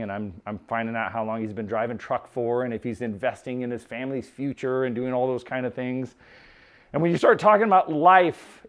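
A man preaching in a relaxed, conversational way, telling stories with many restarts and casual asides. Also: mid-range voice, clean tone. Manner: informal, lots of restarts and "like". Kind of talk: conversational sermon storytelling.

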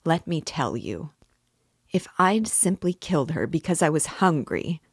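A woman's voice: low-pitched, dry recording, clean studio sound. Woman reading as Raskolnikov, anguished confessor. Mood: despairing. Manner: slow, earnest, rising to despairing cries. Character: anguished young man confessing a crime. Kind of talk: audiobook reading.

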